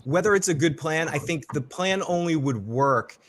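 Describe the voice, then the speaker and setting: Relaxed rambling man on a livestream. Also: fairly high pitch, normal speed. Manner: relaxed, rambling, many fillers. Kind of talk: casual livestream chat.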